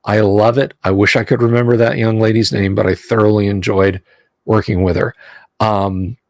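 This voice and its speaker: A man's voice: fairly low pitch, level tone, normal speed, a little mellow, dry recording. A middle-aged man hosting a show, reading a game rulebook aloud and drifting into rambling, self-interrupting asides. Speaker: host.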